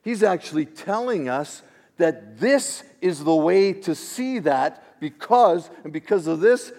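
Slow-preaching man in a reverberant hall. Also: high-pitched. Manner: expressive, swings between hushed asides and emphatic declarations. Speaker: pastor. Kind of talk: sermon. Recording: long reverb of a large hall.

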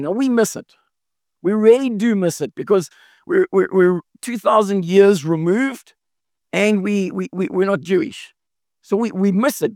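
A man's voice: high voice, gravelly, darkish tone, no room sound, clean studio sound. A man preaching a sermon in an earnest way, often restarting and repeating words as he explains. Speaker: pastor.

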